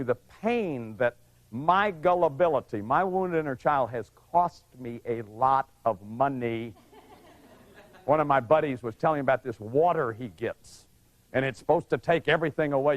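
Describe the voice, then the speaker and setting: Earnest middle-aged man teaching, higher voice. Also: highs cut off. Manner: earnest, confessional, repeats key phrases. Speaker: lecturer on family therapy. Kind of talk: lecture to a live audience.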